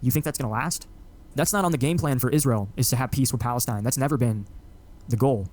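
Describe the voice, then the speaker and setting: Dude lecturing fast and emphatic about politics in a chat. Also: male voice, mid-range voice, a little mellow.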